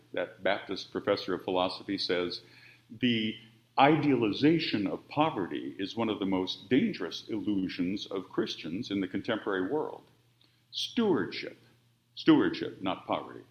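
A man preaching a sermon, by turns emphatic and quiet. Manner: expressive, with wide swings of pitch and volume. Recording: roomy, dull-sounding church audio.

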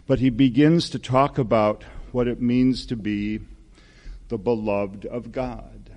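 A man in his sixties, a pastor preaching a gentle, earnest sermon. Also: fairly low pitch. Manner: slow, gentle, earnest preaching with soft spoken quotes.

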